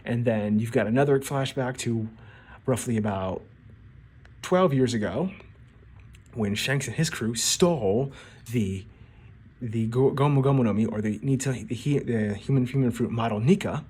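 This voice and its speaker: A man's voice: medium pitch, moderate pace, a little mellow, slightly rough. A man giving casual video commentary on an anime, rambling and restarting his words as he acts out quotes.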